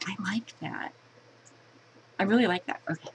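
A woman's voice: mid-range voice, normal speed, slight background noise, poor audio. A woman chatting casually while unboxing a collectible, giggling and poking fun at herself. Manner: chatty, giggly, self-mocking.

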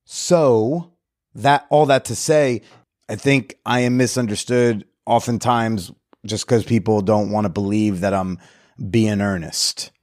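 A man's voice: fairly low pitch, steady tone, a little slow, a little mellow, no room sound, clean studio sound. A man hosting a podcast, telling a story in a candid, self-reflective way and swearing casually. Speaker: podcast host.

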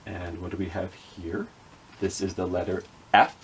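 A man's voice: low-pitched, big pitch swings, measured pace, pauses often, a little hiss or hum. A man leading a children's reading skit with puppets, patiently sounding out letters and words. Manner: gently apologetic with the puppets. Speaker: children's librarian.

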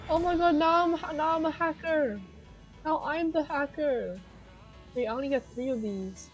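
Excitable high-voiced woman streamer. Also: moderate pace, faint music behind. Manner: excitable, shrieks and laughs at game moments. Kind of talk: live gameplay commentary.

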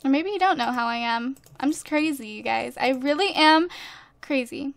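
Her high voice is a bit creaky at normal speed, with no room sound. A gaming YouTuber on a desk USB microphone, she casually comments on a life-simulation game, bubbly and chatty, gushing to viewers and laughing frequently.

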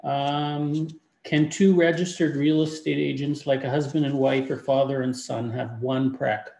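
A man's voice: medium pitch, flat delivery, a little slow, gravelly, mellow, roomy sound, poor audio. A man co-hosting a webinar who reads out viewer questions and comments and answers with short affirmations. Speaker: mortgage broker co-host. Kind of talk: moderating questions in a live webinar.

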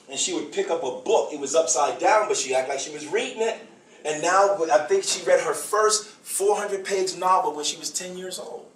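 A middle-aged man, a bishop, giving a speech to an audience in a preaching style. He stresses his points, repeats phrases and uses slow dramatic pauses. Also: sits high, fairly bright tone. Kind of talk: preaching-style public address. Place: event hall before an audience. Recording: echoey hall from far off.

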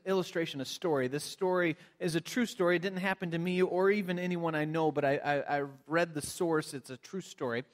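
Conversational man preaching a sermon. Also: high voice. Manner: storytelling, conversational with frequent restarts. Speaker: pastor. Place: church sanctuary.

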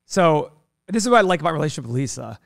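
Fast-talking young man telling stories. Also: fairly high pitch, vocal fry, no room sound, clean studio sound. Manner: fast, animated storytelling, acting out quoted people; laughs often, swears casually. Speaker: podcast co-host, investor. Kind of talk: casual storytelling chat.

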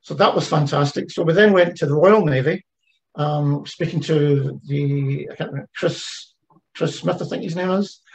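A man's voice: on the high side, moderate pace, gravelly, low-quality recording. A man giving an online presentation about a heritage ship project, talking conversationally with frequent fillers and restarts. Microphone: video call.

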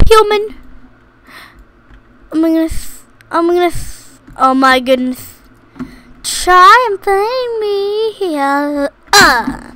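A woman's voice: very high voice, pushed and bright, slight background noise. A woman giving playful gameplay commentary, giggling, singing little la-las and taunting other players in a mock-menacing way. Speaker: gaming YouTuber.

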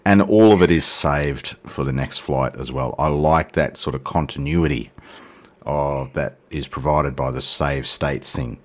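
A man's voice: a bass voice, unhurried. A middle-aged man giving casual, jokey, rambling commentary as he plays a flight simulator. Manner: rambling, jokey and irreverent, talks to passengers and viewers. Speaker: flight sim video host.

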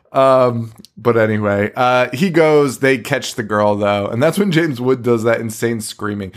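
A man's voice: medium pitch, expressive, unhurried. A man co-hosting a horror movie podcast, swearing a lot and laughing while he acts out scenes. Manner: profane, laughing, acts out quotes. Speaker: podcast co-host. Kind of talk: casual movie chat.

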